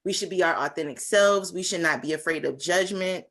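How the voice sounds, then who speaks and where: Her lowish, somewhat bright voice moves briskly as she delivers a heartfelt testimony to a conference over video. She is in her twenties, earnest, and leans on fillers often.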